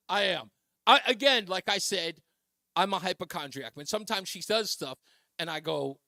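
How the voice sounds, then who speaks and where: A man with a high, bright voice hosts a talk radio show, telling stories with lots of animation and frequent laughter. The sound is dry and close. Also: a little slow, gravelly, pauses often, no echo. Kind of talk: casual talk radio storytelling.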